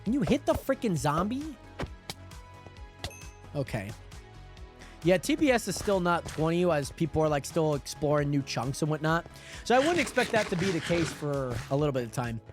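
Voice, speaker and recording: A man with a high, bouncy voice that swoops up and down, chatting loosely with his stream viewers as he plays. He rambles and repeats himself between game moves, talking into a desk mic. Music plays clearly underneath. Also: big pitch swings, moderate pace, long pauses. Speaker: livestreamer. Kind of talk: casual gaming livestream chat. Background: background music.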